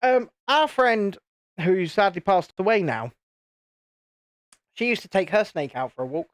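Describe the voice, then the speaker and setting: A man's voice: high voice, expressive, measured pace, no room sound, clean studio sound. A man chatting casually and rambling on a live stream while building Lego. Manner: chatty, rambling, self-interrupting.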